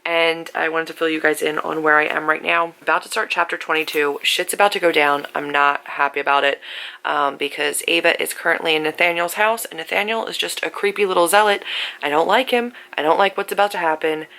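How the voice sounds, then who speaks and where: A woman's voice: low voice, fairly even intonation, brisk, bright, forceful tone, poor audio. A woman vlogger chatting casually and emphatically about a book she is rereading, sore and resting in bed. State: sore after an accident. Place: in bed at home.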